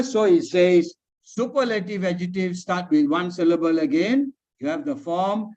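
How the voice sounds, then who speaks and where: A man's voice: on the high side, highs cut off. A man with a Malaysian English accent teaching English grammar in an online class. He repeats his points and keeps checking in with "huh?" and "all right". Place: video call meeting.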